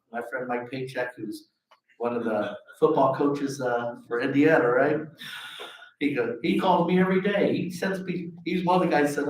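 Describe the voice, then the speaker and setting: A man's voice: medium pitch, normal speed. A middle-aged man, a golf pro, giving a self-deprecating storytelling speech at a luncheon. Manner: anecdotal, self-deprecating, animated quotes. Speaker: golf pro, guest speaker. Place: luncheon hall. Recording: echoey hall, voice from far off.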